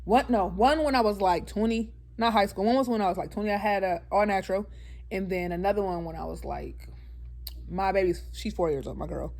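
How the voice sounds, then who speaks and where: A woman's voice: medium pitch, fairly quick, darkish tone. A woman telling a personal story to her viewers in a casual, earnest way, often slipping into emphatic preaching. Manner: earnest and talkative, often calls the viewers "y'all"; slips into preaching with emphatic repetition. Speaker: vlogger. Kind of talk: casual storytime chat to camera.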